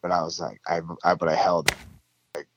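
A young man telling a story in casual, profane talk, acting out the people in it with louder, higher voices. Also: level tone, a little fast, a crowd in the background.

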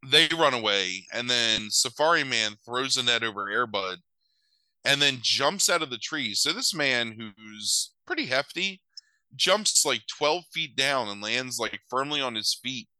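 A man's voice: mid-range voice, expressive, measured pace, sharp tone, no echo, poor audio. A man recapping a movie in a loose, sarcastic chat, swearing casually and using many filler words.

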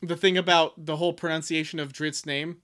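A man's voice: fairly high pitch, flat delivery, brisk, fairly bright tone. A man co-hosting a podcast in casual chat, rambling and sarcastic with mock-dramatic swings and frequent swearing. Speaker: podcast co-host.

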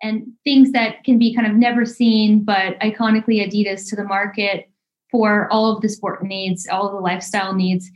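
Woman on a video call, corporate buzzword talk, normal pitch. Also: little pitch movement, normal speed, low-quality recording. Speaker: guest, design lead.

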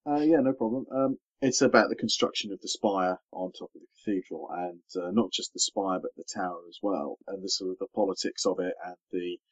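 A man on a book podcast, speaking in a thoughtful, measured way with many pauses and ums. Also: low voice. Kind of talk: casual podcast chat. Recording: slightly dull lo-fi recording.

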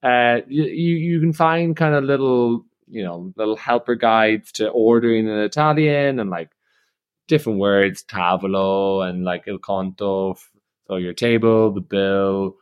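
A man's voice: fairly low pitch, measured pace, clear, resonant tone, highs cut off. A young Irish man co-hosting a casual travel podcast, chatty and teasing, laughing often. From Ireland. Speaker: podcast co-host. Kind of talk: casual chat.

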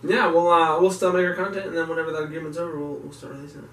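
A man co-hosting a podcast rambles through casual chat, restarting his sentences as he goes. His voice sits a bit high. He sounds distant from the mic, in a roomy space with a faint hiss behind him. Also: flat delivery. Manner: rambling, halting with many restarts and fillers. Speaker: podcast co-host. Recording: echoey room, off-mic, faint background noise.

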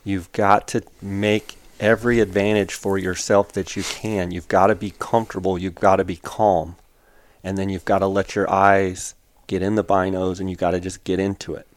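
A man's voice: low-pitched, little pitch movement, normal speed, no echo. A man hosting a hunting talk show, giving advice in short, emphatic, repeated phrases and acting out quoted exchanges. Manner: acts out quoted exchanges with a raised voice. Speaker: hunting podcast host. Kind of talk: casual chat.

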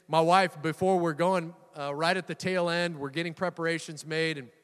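A man's voice: a little high, moderate pace, smooth, in a large hall. A middle-aged male pastor preaching a sermon, telling stories with humor and sudden bursts of emphasis. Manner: lively storytelling with laughs and bursts of emphasis.

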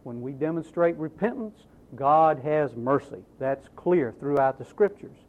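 A man's voice: fairly high pitch, animated, measured pace. A man preaching a sermon with emphatic delivery and rhetorical questions to the congregation. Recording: tinny, phone-like narrow sound.

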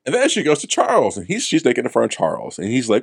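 A man co-hosting a casual movie review podcast, blunt and profane, acting out characters in quick asides. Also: mid-range voice, huge pitch swings, vocal fry, breathy edge, dry recording, studio quality. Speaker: podcast co-host.

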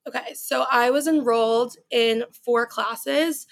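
Young woman with a gravelly voice. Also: on the high side, fairly even intonation, slow. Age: 20s. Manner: chatty, fillers like "you know" and "like". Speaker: study-abroad student guest. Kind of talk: casual interview answers.

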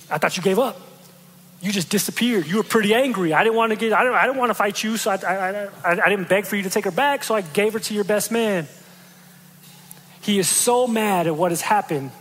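A man with a fairly high voice preaches in a reverberant hall, telling a story with animated, lively delivery. He slips into the quoted speakers' lines as he goes. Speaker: pastor. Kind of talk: sermon.

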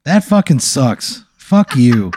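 A man co-hosting a comedy podcast, reacting in a flat, profane deadpan. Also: medium pitch, slow pace. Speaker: podcast co-host. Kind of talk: casual banter.

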